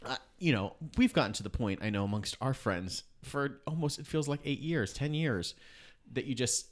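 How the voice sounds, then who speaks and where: A man's voice: medium pitch, animated, normal speed. A man co-hosting a podcast in casual chat, rambling and correcting himself as he tells stories. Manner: rambling, self-correcting storyteller. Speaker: podcast co-host.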